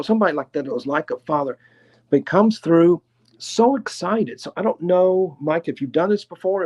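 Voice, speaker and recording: A man with a Tennessee accent gives a live spirit reading in a voice pitched a little high for a man. He talks slowly and chattily, hedging each impression before moving on. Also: a little mellow, muffled recording. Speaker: clairvoyant medium.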